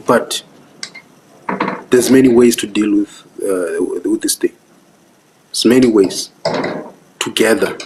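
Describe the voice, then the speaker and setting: A young South African vlogger with a South African accent gives casual live-stream commentary in an earnest, preachy way, repeatedly asking if you understand. His voice is lowish, and the background is noisy.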